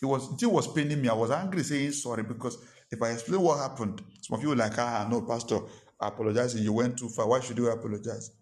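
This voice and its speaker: A man preaching from the pulpit with an emphatic, repeating delivery. His voice sits at an ordinary middle pitch as he tells a personal story and presses his lesson on the congregation. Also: fast, a little mellow. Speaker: pastor. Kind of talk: sermon.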